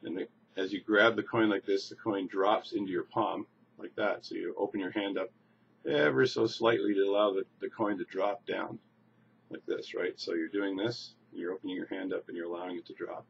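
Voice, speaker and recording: A low-pitched man walks through a coin trick in a relaxed, informal way, often repeating words as he demonstrates. The recording is a bit muffled, with a faint background hiss. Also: normal speed, gravelly. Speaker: magician teaching a coin trick. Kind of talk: casual demonstration tutorial. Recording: slightly dull lo-fi recording with faint noise.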